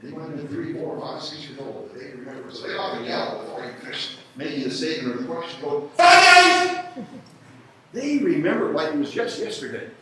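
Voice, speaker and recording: A man giving a lively live history lecture, often putting questions to his audience. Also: fairly high pitch, quick pace, few pauses. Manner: animated, asks the audience questions. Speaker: history speaker at a workshop. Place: indoor event room with audience. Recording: echoey room from far off, faint noise.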